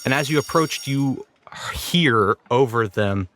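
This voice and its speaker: A man's voice: mid-range voice, takes it slowly, a bit bright, no room sound. A man narrating a tabletop role-playing game as game master, describing scenes in a loose, storytelling way.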